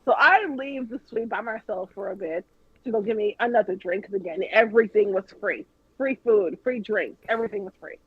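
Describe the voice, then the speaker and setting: A woman with a husky, slightly raspy voice tells a lively story, swearing freely and mimicking the people she quotes. The sound is dry and dull, like lo-fi stream audio. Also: medium pitch, brisk, dry recording. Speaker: guest. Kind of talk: casual storytelling on a podcast.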